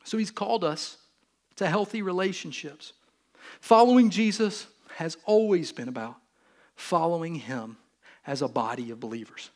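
A man's voice: on the high side, normal speed. A male pastor with a Southern US accent giving a sermon in a conversational, joking way, acting out little quotes. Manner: conversational, jokey, acts out quotes.

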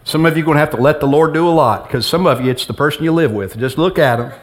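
Middle-aged pastor guy preaching to a church, kinda higher voice, jokey and chatty. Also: quick pace. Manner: conversational preaching with humor and quoted dialogue. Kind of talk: sermon. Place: church sanctuary with congregation.

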